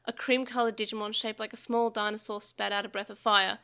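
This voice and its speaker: A woman's voice: mid-range voice, level tone, a little fast, hardly any pauses, sharp tone, smooth. A woman podcast host reading a translated novel aloud, expressively, with small slips.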